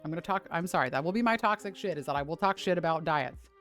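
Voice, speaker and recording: A woman's voice: fairly low pitch, lively intonation, fast, a bit bright, soft background music. A woman fitness streamer chatting casually on a livestream, swearing freely and ranting with lots of "like".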